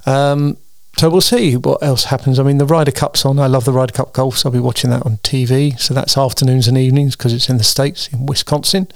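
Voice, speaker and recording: A man's voice: mid-range voice, fairly even intonation, brisk, creaky, hardly any pauses, no echo, studio quality. A tired man hosting his weekly solo show, chatting in a meandering way with frequent ums and restarts. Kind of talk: casual rambling monologue.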